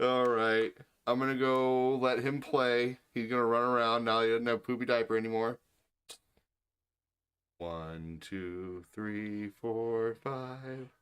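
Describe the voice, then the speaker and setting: A man's voice: mid-range voice, completely flat delivery, moderate pace, hardly any pauses, fairly bright tone, smooth. A middle-aged man hosting a live stream, chatting casually in an easygoing, rambling way with lots of fillers. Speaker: streamer host.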